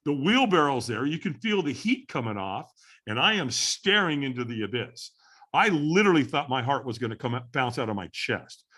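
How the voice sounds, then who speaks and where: A middle-aged man, a podcast guest, tells a story with animated repetition. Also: mid-range voice, normal speed. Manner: animated storyteller who repeats phrases for effect. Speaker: podcast guest, firewalking instructor.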